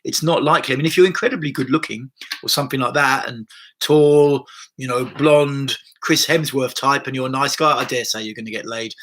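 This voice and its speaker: A man's voice: medium pitch, fairly quick, a bit bright. A man hosting a livestream on body-based therapy, talking casually and bluntly, swearing freely and restarting his sentences with many "you know"s.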